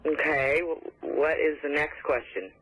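A woman's voice: sits low, steady tone, a little slow, fairly bright tone, slightly rough. A woman working as a hotel reservations clerk on a phone call, polite and trying to stay professional while giggling. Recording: tinny phone line.

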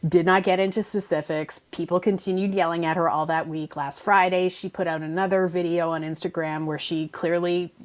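A woman with a somewhat low voice, talking through entertainment news on the radio in a casual, explanatory way. She restarts her phrases often as she works through the details. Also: fairly even intonation, a little fast, hardly any pauses.

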